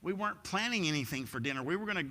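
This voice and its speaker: A man voicing a flustered housewife who speaks in a soft, apologetic way. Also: fairly high pitch, animated, very fast. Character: flustered housewife caught off guard. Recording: echoey church hall.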